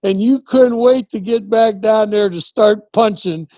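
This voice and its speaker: A man's voice: high voice, unhurried, no echo. An older man, a former football coach, reminiscing as an interview guest and acting out the dialogue in his stories. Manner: animated storyteller who acts out quoted dialogue.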